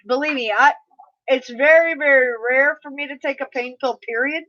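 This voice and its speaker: Middle-aged woman, high and bright, chatty streamer who swears and laughs easily, muffled lo-fi audio. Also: normal speed. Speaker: live streamer. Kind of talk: casual chat reading live comments. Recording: slightly muffled lo-fi mic audio.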